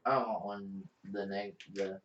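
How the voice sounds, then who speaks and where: A man's voice: fairly low pitch, flat delivery, normal speed. A man co-hosting a casual podcast, brash and full of slang and cursing. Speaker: podcast co-host. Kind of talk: casual chat. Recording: roomy, distant, dull, faint hiss.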